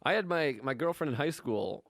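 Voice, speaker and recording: Young male podcast comic, slightly high voice, dry close mic, crude storyteller. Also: lively intonation, brisk, gravelly, fairly bright tone, no room sound. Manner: crude storytelling, acts out voices, laughs often. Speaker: podcast co-host. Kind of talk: casual comedic chat.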